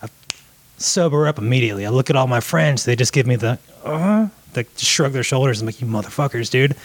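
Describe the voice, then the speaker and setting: Man, casual chat, relaxed storyteller, swears, mid pitch, dry close sound. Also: a little fast, dry recording. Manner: laid-back storyteller, swears a lot, says dude.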